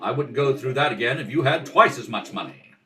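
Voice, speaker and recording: A man's voice: mid-range voice, expressive, brisk, sharp tone, faint music behind. A man voicing a sardonic husband in a rehearsal of a radio play, read at a kitchen table. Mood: wry. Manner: sardonic, grumbling. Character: wisecracking husband, dry and reluctant.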